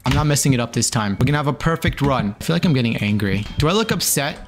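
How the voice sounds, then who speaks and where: A man's voice: medium pitch, animated, fast. A young man giving frantic, self-mocking commentary while playing a video game, swearing now and then. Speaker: gaming streamer. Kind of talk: gameplay commentary. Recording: music playing behind the voice. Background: background music.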